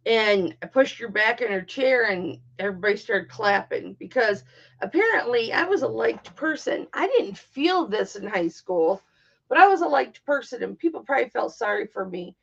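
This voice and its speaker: A woman's voice: a little high, lively intonation, moderate pace, creaky, fairly bright tone, muffled recording. Blunt, foul-mouthed woman telling a story. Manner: blunt, heavy swearing, heated storytelling. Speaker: livestream host. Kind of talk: casual storytelling livestream.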